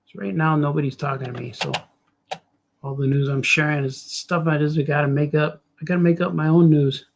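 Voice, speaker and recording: Gravelly middle-aged man rambling while drawing. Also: a little high, steady tone, brisk, slight background noise. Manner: joking, self-mocking asides. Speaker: cartoonist streamer.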